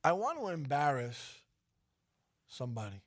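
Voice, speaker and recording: A man hosting morning radio with a lively voice that rises and falls all over the place. He sits a little high in pitch, and he teases, jokes and riffs with his co-host on air. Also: normal speed. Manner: animated, playful, teasing. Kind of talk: casual radio banter.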